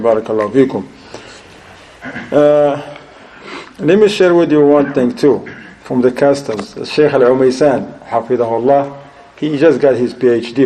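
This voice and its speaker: A man giving an Islamic lecture in a storytelling style, animated and laughing often, mixing Arabic religious phrases into his talk. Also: mid-range voice, slight background noise, rough recording. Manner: animated, acts out quoted voices, laughs often.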